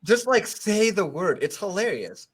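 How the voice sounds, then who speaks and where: A man co-hosting a podcast, chatting casually in a joking, sarcastic, animated way. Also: high-pitched, measured pace, slightly rough. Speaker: podcast co-host.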